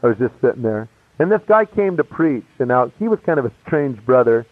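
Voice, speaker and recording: A man's voice: medium pitch, very animated, fairly quick, dry recording. A man telling a personal story in a casual, chatty way, acting out the people he quotes with shifting voices. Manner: casual, chatty, full of "you know" asides. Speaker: speaker giving a personal testimony. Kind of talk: animated storytelling. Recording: dry, tinny phone-like radio sound.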